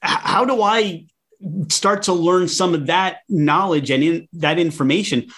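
A man's voice: fairly high pitch, measured pace, fairly bright tone. A man hosting an interview, asking long rambling questions with restarts. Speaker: interviewer host.

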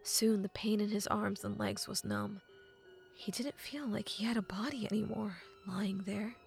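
A woman narrates a novel in an audiobook. Her voice has a gravelly, creaky edge, and her delivery is measured, often sinking to a hushed half-whisper. Faint music plays underneath. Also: mid-range voice, lively intonation.

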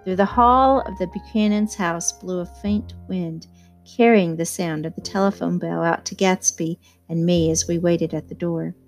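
Woman reading a novel aloud, soft guitar behind. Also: lowish voice, fairly even intonation, moderate pace. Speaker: audiobook reader. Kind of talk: first-person novel narration.

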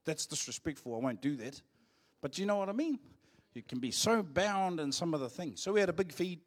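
A man with a New Zealand accent preaches in a church, his voice sitting a touch higher than most men's. He tells cheeky, joking stories and acts out the quotes in a raised voice. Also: lively intonation, a little fast. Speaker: pastor. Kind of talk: sermon with storytelling.

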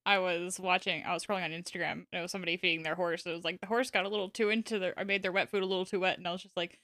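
A woman's voice: fairly low pitch, fairly even intonation, very fast, a bit bright, dry recording, studio quality. A woman co-hosting a podcast in casual chat, jokey and sarcastic with frequent giggles. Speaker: podcast co-host.

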